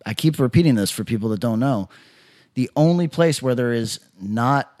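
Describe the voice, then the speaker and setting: A man's voice: medium pitch, lively intonation, normal speed, darkish tone. A man co-hosting a podcast, talking in brash, profane, joking banter. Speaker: podcast co-host. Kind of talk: casual crude podcast banter.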